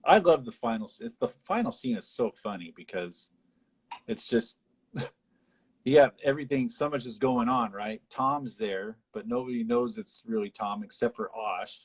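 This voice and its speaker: A man co-hosting a live chat, retelling film scenes and jumping into high-pitched voices to quote characters. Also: normal speed, breathy edge. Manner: animated retelling, acts out lines in high voices. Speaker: podcast co-host. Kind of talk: casual chat about a film.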